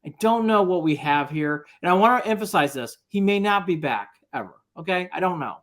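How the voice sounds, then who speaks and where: A male sports co-host makes his points firmly and stresses each one. His voice sits a little high for a man. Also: lively intonation, fairly quick, fairly bright tone. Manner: emphatic, lays out his points. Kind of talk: sports talk.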